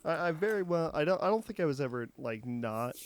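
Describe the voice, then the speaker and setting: A man with a gravelly, fry-laden voice chats about films on a casual podcast. He rambles, stops and restarts his sentences as he goes. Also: a little high, lively intonation. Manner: rambling, halting, many restarts. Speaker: podcast co-host. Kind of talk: casual movie review chat.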